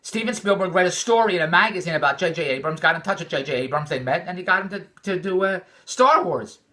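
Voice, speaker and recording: A man's voice: high-pitched, quick pace, sharp tone. An older man from Philadelphia, rambling and repeating himself in an exasperated personal vlog monologue. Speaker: vlogger.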